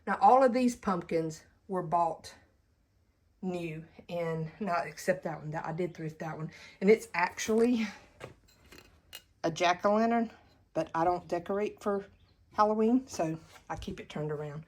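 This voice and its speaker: A woman's voice: medium pitch, unhurried. A woman with a Southern US accent narrating a casual home decor tour in a chatty, folksy way, filming her living room while staying off camera. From Southern United States. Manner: chatty, folksy, laughs easily. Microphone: camera held while filming, speaker off-screen.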